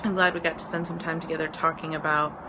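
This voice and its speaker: A woman's voice: sits low, flat delivery, fast talker. A woman in her thirties, a business mentor, chatting casually on a live stream from her porch, rambling with lots of ums and easy laughs. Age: 30s. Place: outdoor porch. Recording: outdoor porch with road noise. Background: road noise.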